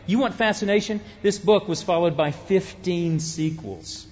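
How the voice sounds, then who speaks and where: Chatty middle-aged pastor, lo-fi sound. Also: male voice, sits high, unhurried, darkish tone, a little hiss or hum. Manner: conversational and humorous, with frequent self-interruptions. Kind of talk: sermon.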